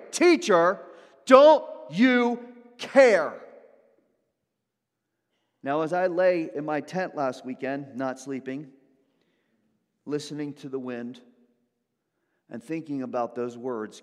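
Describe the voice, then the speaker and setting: A man preaching a sermon as pastor, building emphatically from hushed moments to loud ones. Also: mid-range voice. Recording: long hall reverb.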